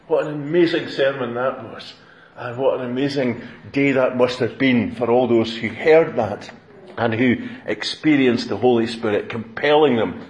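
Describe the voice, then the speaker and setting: A man preaching a sermon, reading scripture in an animated storytelling way with playful asides. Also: medium pitch. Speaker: minister. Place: church. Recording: roomy echoing church.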